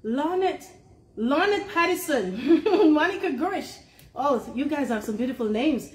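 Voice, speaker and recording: A woman's voice: high-pitched, lively intonation, a little slow, reverberant. Laughing woman hosting a phone livestream. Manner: laughing often, reading viewer names warmly. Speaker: livestream host. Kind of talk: casual livestream chat. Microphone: phone in a holder.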